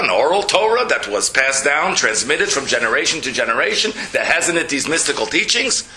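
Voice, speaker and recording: A man, a rabbi, giving a storytelling lecture, animated, jumping his pitch to act out quotes. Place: lecture hall. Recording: roomy lecture hall echo.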